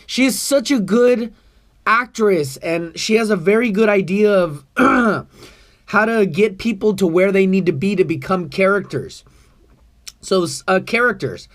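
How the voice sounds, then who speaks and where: A man vlogging to camera about his acting class, talking in an earnest, rambling way, bothered by allergies. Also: high-pitched. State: allergies, coughing. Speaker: vlogger, improv student. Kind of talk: casual talk to camera.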